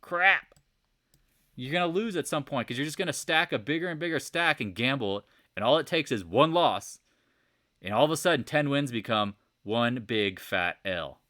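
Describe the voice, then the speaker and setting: A man's voice: medium pitch, lively intonation, moderate pace, fairly bright tone, dry recording, studio quality. A man giving a casual, rambling market recap over charts, exasperated and preachy, firing off rhetorical questions. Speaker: market commentator.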